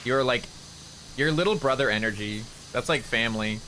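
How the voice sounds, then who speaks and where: A young male streamer with a bright, forward voice, talking to his chat while he plays. He rambles from joke to joke and swears freely, with a faint hum of game sound and noise behind him. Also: mid-range voice, normal speed, rough recording. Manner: rambling, profane and joking.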